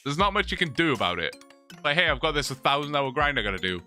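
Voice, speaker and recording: A man's voice: a little high, sing-song, fast, bright, forceful tone, soft background music. A young man chatting casually on a long livestream, rambling, reading chat and laughing often, his mouth sore from talking.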